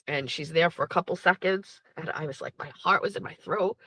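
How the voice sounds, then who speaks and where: A woman's voice: deep voice, brisk, a bit bright, slightly rough, no room sound, low-quality recording. A woman host in her thirties, candidly telling a personal story with blunt, profane, emotional language. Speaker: podcast host.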